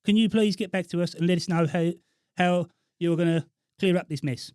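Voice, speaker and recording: A man voicing an officious male council officer in a put-on Black Country accent for a prank call, formal and deliberate. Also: sits high, fairly even intonation, darkish tone, smooth, no echo, studio quality, lightly acted.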